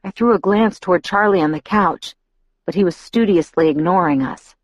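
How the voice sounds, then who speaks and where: A woman narrating a novel aloud in a measured, even reading. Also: fairly low pitch, no room sound. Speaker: audiobook narrator. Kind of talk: audiobook narration.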